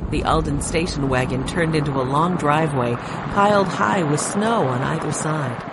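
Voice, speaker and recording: A woman narrating a children's chapter book in a clear, even storytelling manner. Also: deep voice, heavy background noise. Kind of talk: audiobook narration.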